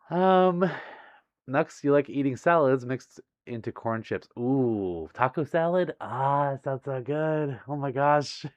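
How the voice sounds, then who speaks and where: A man livestreaming casually from home, reading viewer messages aloud, giggling often and apologizing warmly. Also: medium pitch, no room sound. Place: home, near a busy street. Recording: dry, slightly muffled stream audio.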